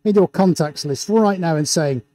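A man hosting a live painting stream in an indoor studio, talking through a face mask and calling out viewer shout-outs with showman-like excitement. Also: fairly high pitch, moderate pace. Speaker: livestream host and painter.

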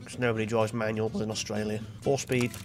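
A young man hosting casual gaming commentary, excitable and jokey, laughing often. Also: lowish voice, brisk. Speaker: gaming channel host. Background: game music.

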